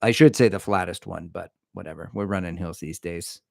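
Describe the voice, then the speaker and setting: A middle-aged man hosts a casual livestream, rambling through viewer comments with an easygoing, jokey manner. His voice sits on the low side, and the sound is dry and close with little room around it. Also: brisk, creaky, darkish tone, no echo. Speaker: livestream host answering chat. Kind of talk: casual live-stream chat.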